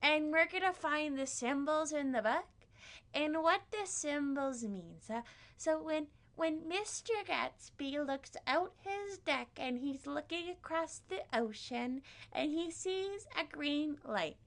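A woman's voice: lively intonation, slow pace, fairly bright tone, heavily acted. A woman doing a pompous English teacher. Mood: lecturing. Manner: lecturing, strained high voice. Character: earnest, pompous high school English teacher.

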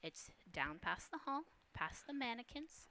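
A dark, eerie female spirit speaks in a wispy, hushed whisper, as a woman running the game puts her on. This is whispered role-play with a bright, airy edge to the voice. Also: on the high side, very animated, measured pace, a little hiss or hum, voice pushed up, heavily acted.

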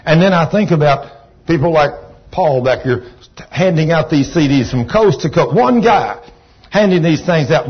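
A man's voice: a little high, husky. A Texan man preaching a sermon, folksy, rambling and enthusiastic. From Texas. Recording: dull lo-fi recording.

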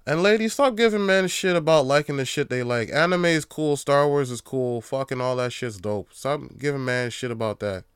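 A man's voice: a little high, clean tone, no room sound, clean studio sound. Profane rambling man on a podcast. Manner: profane, rambling, heated rants. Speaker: podcast host. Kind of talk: casual solo podcast rant.

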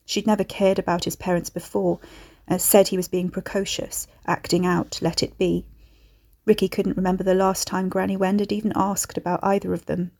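A woman reading a horror story aloud in a measured storytelling manner. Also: medium pitch, flat delivery, darkish tone. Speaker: narrator. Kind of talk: scripted horror narration.

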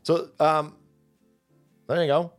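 A man's voice: fairly high pitch, flat delivery, takes it slowly, soft background music. A man hosting crude political commentary, mocking and swaggering, slipping into sneering mock voices. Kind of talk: profane ranting commentary.

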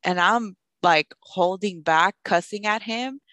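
A young woman podcast host telling a personal story in a casual, animated way, with lots of "like". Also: mid-range voice, takes it slowly, no room sound. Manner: animated, fills speech with "like", acts out quoted voices.

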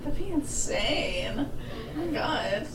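A young woman with a high voice, co-hosting a movie podcast, blunt and quick with crude jokes. She sits back from the mic in an echoey room. Crowd chatter carries clearly behind her. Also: big pitch swings, far from the mic. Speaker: podcast co-host. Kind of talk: casual chat watching a movie.

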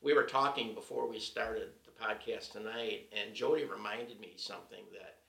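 Gravelly, bright-toned male podcast host. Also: on the low side, steady tone, normal speed, reverberant, distant mic. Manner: playful, laughing banter. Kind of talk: casual chat. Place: living room.

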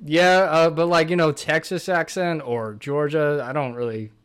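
A man co-hosting a podcast, chatting casually in a relaxed, hesitant way and swearing now and then. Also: a little high, normal speed, clean tone. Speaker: podcast co-host. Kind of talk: casual chat.

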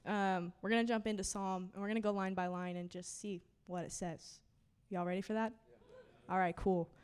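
A young woman preaches in a relaxed, conversational way. Her voice sits at an ordinary pitch for a woman. She laughs often, fills her speech with little asides, and lets her emotion show. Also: moderate pace, clear, resonant tone. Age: 20s. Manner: chatty, filler-heavy, laughing and emotional. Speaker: preacher giving a testimony and teaching. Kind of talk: casual conversational sermon. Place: church service.

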